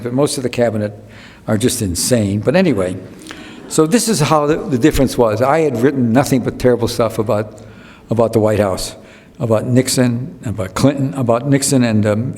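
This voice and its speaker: A man's voice: medium pitch, brisk, a little mellow. An older man giving a rambling public talk at an evening event, digressive and incredulous, with many restarts. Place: lecture hall. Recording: long hall reverb.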